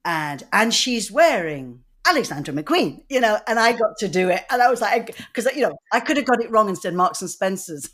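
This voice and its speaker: A woman from Manchester with a Mancunian accent, co-hosting a podcast and telling lively, rambling anecdotes in casual chat. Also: mid-range voice, quick pace, few pauses, a little hiss or hum. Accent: Mancunian English. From Manchester, England. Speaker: podcast co-host.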